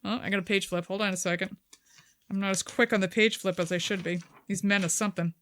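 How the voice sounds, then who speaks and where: A woman's voice: mid-range voice, fast talker, no echo. A woman co-hosting a podcast, chatting casually and reading excerpts aloud with wry, swearing mockery. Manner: wry, animated, swears freely and mocks the quotes. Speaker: podcast co-host.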